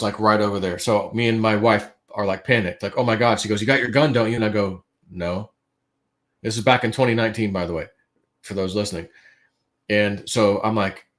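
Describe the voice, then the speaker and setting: A man on a livestream telling a story casually, acting out his own quotes and swinging between hushed and loud. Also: lowish voice. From United States.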